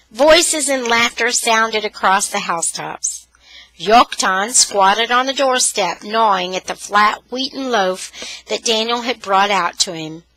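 Slow, bright-voiced woman storyteller with a Californian accent. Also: mid-range voice, no room sound, poor audio. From Texas. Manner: chatty, friendly asides that explain words to young listeners. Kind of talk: reading a novel aloud to online listeners.

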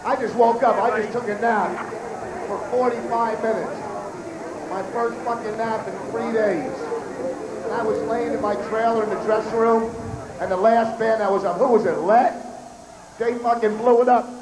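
A hoarse male comedian emceeing an outdoor festival stage, joking brashly and swearing at the crowd. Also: high voice, fairly even intonation, normal speed, very noisy. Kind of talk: stage banter. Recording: echoey outdoor PA sound.

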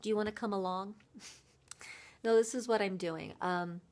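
A woman voice coach giving a motivational vlog talk, earnest and reflective, with thoughtful pauses. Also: medium pitch, steady tone, a little mellow.

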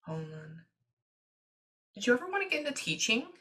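A woman working as a psychic medium, giving a reading to a client and relaying messages in quick, chatty asides. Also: fairly high pitch, very animated, pushed and bright.

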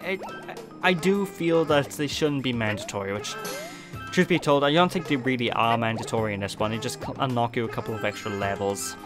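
A man's voice: mid-range voice, a little fast. Jokey man from Wales for let's play commentary, music bed. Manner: rambling, self-mocking, jokey asides. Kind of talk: casual gameplay commentary. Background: game music.

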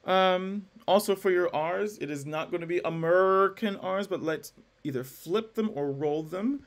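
Young male music teacher, slightly high voice, casual lecture with self-corrections and sung vowel demos. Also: normal speed. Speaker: music instructor. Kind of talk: classroom lecture.

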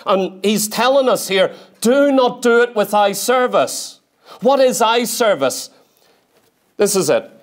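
A man preaching a sermon in a church, emphatic, repeating key phrases and slowing down to read scripture. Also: sits high.

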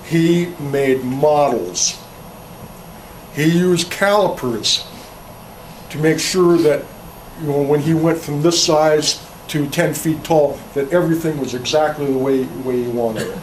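A chainsaw carving instructor gives a casual, folksy workshop talk, rambling a little, telling jokes, and restarting words. His voice is on the high side and a little slow. The distant mic picks up faint room ambience and slight background noise.

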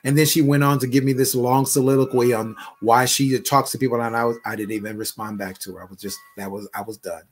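A man's voice: mid-range voice, steady tone, fast, hardly any pauses. A middle-aged man, a bishop and online pastor, speaking in an emphatic, conversational way on a live prayer broadcast and repeating his phrases.

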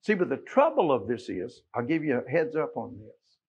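A man's voice: mid-range voice, very animated, normal speed, darkish tone, slightly rough, dull audio. A man with a Texan accent preaching a sermon as pastor, folksy and joking with his congregation.

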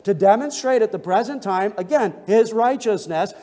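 A man's voice: sits high, expressive, normal speed, warm tone, long reverb tail. A man preaching an expository sermon as pastor, earnest and emphatic, restating points and reading scripture aloud. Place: church sanctuary.

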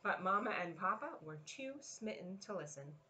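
A children's librarian in her thirties leading a storytime at home. Her voice is bright and animated, rising and falling as she reads and cheers kids along. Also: medium pitch, moderate pace, a little hiss or hum, poor audio. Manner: lively, encouraging read-aloud. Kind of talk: family storytime reading.

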